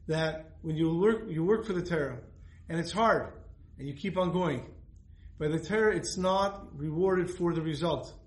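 Man, Torah lesson, earnest storytelling, repeats for emphasis, roomy echo. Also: high voice. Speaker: rabbi teaching Torah.

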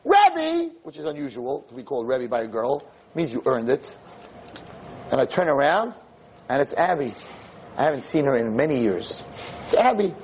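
A man from New York, a rabbi telling stories in an animated way to a live audience in a room. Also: normal speed, pauses often, slight background noise, poor audio. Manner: animated, jumps high when quoting people. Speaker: rabbi giving a talk. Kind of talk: storytelling Torah talk to a live audience.

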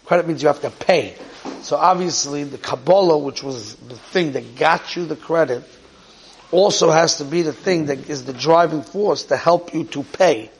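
A man's voice: on the high side, normal speed, a little hiss or hum, low-quality recording. A man teaching a Torah lesson, explaining steadily and repeating key words as he goes. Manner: explanatory, repeats key words, mixes Hebrew and Yiddish terms. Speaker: rabbi teaching a class.

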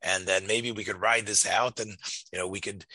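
A man's voice: fairly low pitch, steady tone, normal speed, pushed and bright, no echo. A man in a casual film discussion, rambling with many restarts and fillers.

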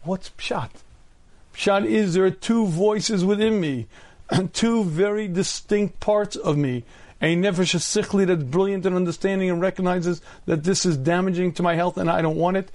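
A man in his fifties, a rabbi giving a storytelling Torah lecture, often clearing his throat and using humor. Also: sits high, fairly even intonation, moderate pace, a little mellow. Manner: humorous, acts out voices in anecdotes.

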